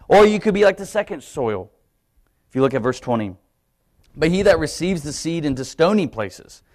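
A young adult man preaching a sermon in a church, telling a personal story with animated shifts in voice as he acts out his own thoughts. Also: on the high side. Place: church sanctuary, live stream.

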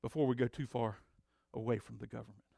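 A man preaching a sermon as pastor, swinging between loud emphatic declarations and low conversational asides. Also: fairly even intonation, fairly quick, vocal fry, no echo, clean studio sound.

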